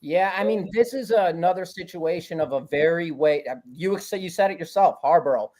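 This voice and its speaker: A man's voice: a little high, moderate pace, a little mellow. Talkative male betting handicapper. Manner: talkative, confident, rambling. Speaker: guest sports handicapper. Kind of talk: casual sports betting analysis.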